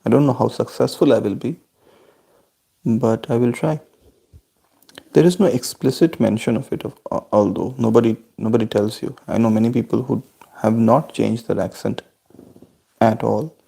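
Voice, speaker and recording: A man from India, chatting on a video call with his family and answering their questions in a measured, thoughtful and polite way. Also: medium pitch, gravelly, warm tone, slightly rough.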